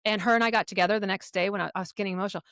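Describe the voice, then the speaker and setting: A middle-aged woman speaking as a podcast guest, telling her own parenting stories candidly, with blunt language and lively acted-out quotes. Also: mid-range voice, rapid-fire, no echo, clean studio sound. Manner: frank, profane, animated retelling of quotes. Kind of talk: candid conversational storytelling.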